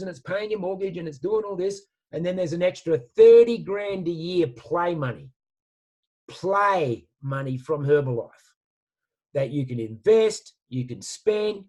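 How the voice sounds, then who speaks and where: A man giving an animated motivational talk and telling stories with casual slang. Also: high voice, husky. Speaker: guest speaker.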